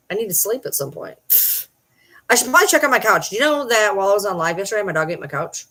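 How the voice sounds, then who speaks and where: A woman's voice: lowish voice, a bit bright. Blunt, cursing woman on a late-night livestream. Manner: blunt, swears freely, rambling asides. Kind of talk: casual late-night live chat. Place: at home at night.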